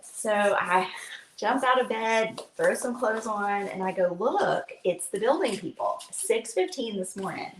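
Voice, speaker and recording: A woman hosts a casual live craft stream, chatting freely and rambling through stories with plenty of fillers. Her voice sits at an average pitch. The room sounds echoey, with faint noise behind her. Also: lively intonation, measured pace.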